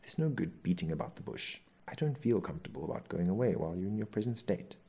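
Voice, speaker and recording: Fussy, defensive young husband, read by a man with a deep, gravelly storybook voice. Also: expressive, quick pace, warm tone.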